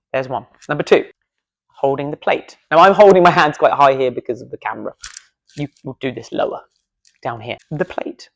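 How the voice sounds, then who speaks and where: A man's voice: medium pitch, moderate pace, vocal fry. A man coaching public speaking in a casual video lesson, playful and self-deprecating, demonstrating gestures as he talks in a studio.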